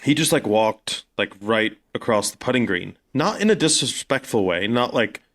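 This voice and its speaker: A man's voice: on the low side, expressive, moderate pace, fairly bright tone. A man from South Africa, a podcast co-host telling stories in casual chat, full of fillers. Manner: rambling storyteller, many fillers.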